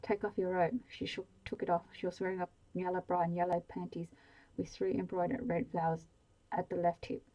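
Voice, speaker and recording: A woman reading a novel aloud in a soft-spoken ASMR bedtime style, slow and hushed. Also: lowish voice, completely flat delivery, low-quality recording. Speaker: storyteller.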